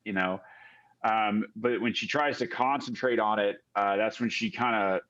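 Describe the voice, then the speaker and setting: A man's voice: lowish voice, normal speed, fairly bright tone. A man narrating a tabletop game as game master, rambling with many fillers. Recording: slightly dull lo-fi audio.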